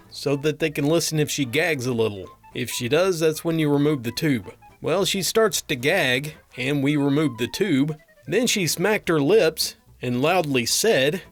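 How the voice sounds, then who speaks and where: A man narrating a string of funny doctor and patient stories, with a dry comic delivery. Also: on the high side. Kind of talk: reading funny anecdotes aloud.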